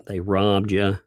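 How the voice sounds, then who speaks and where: A man's voice: on the low side, a little mellow, slightly rough, no echo, studio quality. A man hosting a livestream, ranting in a combative, mocking way and swearing freely. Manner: combative, mocking, swears, laughs between lines. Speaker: livestream host.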